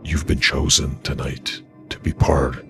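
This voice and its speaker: A menacing hooded cult figure, as a male storyteller puts him on, speaks in a very deep, gravelly voice that drops to a whisper. The delivery stays flat and ominous. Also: unhurried, soft background music, heavily acted.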